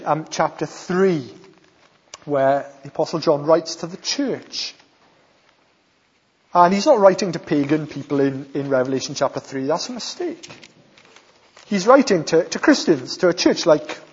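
A high-pitched, husky, slightly mellow voice belongs to a man from South Wales who preaches a sermon in a Welsh accent, leaning hard on key phrases. The sound is dull, with long hall reverb.

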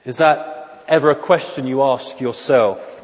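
A man preaching an expository sermon in church, measured and emphatic, often asking rhetorical questions. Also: medium pitch. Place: church during a worship service. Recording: dull lo-fi recording with long hall reverb.

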